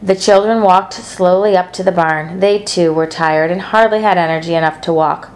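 A woman's voice: lowish voice, steady tone, normal speed, a little mellow. Woman reading a children's story aloud. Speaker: storybook narrator.

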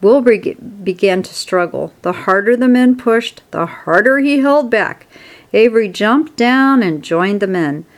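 A woman narrating a children's storybook aloud in a steady, expressive way. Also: mid-range voice, measured pace.

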